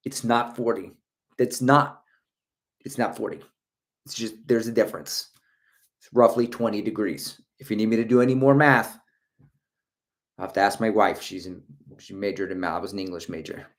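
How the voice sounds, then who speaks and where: A man's voice: fairly low pitch, moderate pace, long pauses. Jokey middle-aged man hosting a livestream. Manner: jokey, laughs often, chatty asides. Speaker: running channel host. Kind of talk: casual livestream chat reading comments.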